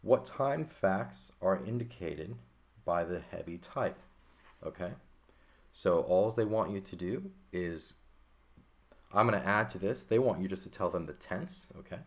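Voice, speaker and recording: A man with a very low, deep voice walks through a textbook lesson like a teacher. He explains each step patiently and keeps checking in with "okay" and "right". He is close to the mic. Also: animated, measured pace. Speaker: Greek teacher.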